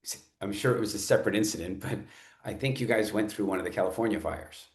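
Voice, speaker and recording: A middle-aged man hosting a podcast interview, telling stories in an earnest, animated way with frequent restarts. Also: fairly low pitch, fast talker. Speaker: podcast host. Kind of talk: conversational interview storytelling. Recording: roomy echo.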